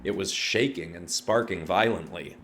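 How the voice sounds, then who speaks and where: A man reads a scripted fantasy story aloud in a steady, dramatic manner. His voice sits low. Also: normal speed, slight background noise. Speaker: narrator.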